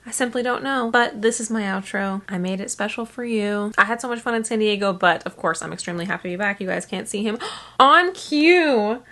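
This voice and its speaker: A woman's voice: medium pitch, steady tone, quick pace, hardly any pauses, fairly bright tone. A young adult woman vlogging in a casual, rambling way, sounding tired. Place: home or small office room.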